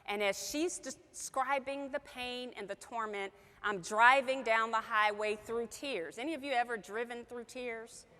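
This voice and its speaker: A woman's voice: on the high side, unhurried, few pauses, pushed and bright, long reverb tail. A woman telling an emotional story to a group as a sales trainer, acting out the quoted dialogue.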